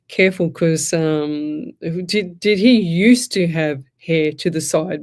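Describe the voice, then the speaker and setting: With a lowish, darkish voice, an Australian psychic medium chats her way through a live radio reading. Her talk is rambling and casual, and she laughs a lot while telling her stories.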